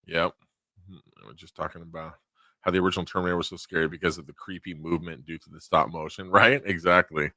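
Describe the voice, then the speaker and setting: Bright-toned, joking man co-host. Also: low-pitched, steady tone, quick pace, dry recording, clean studio sound. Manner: crude, joking storyteller. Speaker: podcast co-host. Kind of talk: casual chat.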